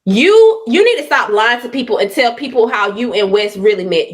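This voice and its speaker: A woman on a live stream in full combative rant mode, swearing and mocking without letting up. Her voice sits on the high side. She swings into loud bursts of scorn. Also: very animated, a little fast, few pauses.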